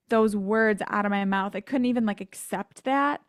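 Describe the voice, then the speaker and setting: A woman's voice: medium pitch, normal speed, few pauses, no echo, studio quality. An American woman telling her faith story as a podcast guest, earnest and sometimes emotional, acting out the people she quotes. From United States. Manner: earnest storytelling, acts out quoted voices, laughs at herself. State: emotional at times. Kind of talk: faith testimony in an interview.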